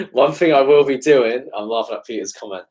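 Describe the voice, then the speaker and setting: A man's voice: medium pitch, a little mellow, poor audio. A young man in his twenties with an English accent, chatting casually as a fitness coach answering live-stream questions. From England. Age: 20s. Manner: laid-back, fills with "man" and "obviously".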